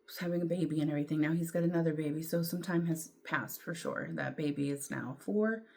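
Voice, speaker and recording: Low-voiced middle-aged woman vlogging. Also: fast, a little mellow. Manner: candid, rambling, with throat clearing and fillers. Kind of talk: casual storytelling to camera.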